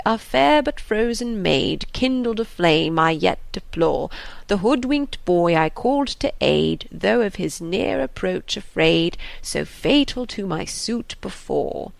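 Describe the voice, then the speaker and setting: A woman voicing a fretful, anxious elderly father in an audiobook, slow and sighing. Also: medium pitch, creaky, dry recording.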